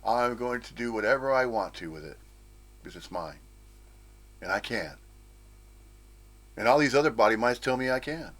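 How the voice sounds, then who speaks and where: A man's voice: mid-range voice, expressive, normal speed, pauses often, a bit bright. A man from the United States giving an informal, rambling spiritual talk, with frequent chuckles and playful asides. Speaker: spiritual teacher.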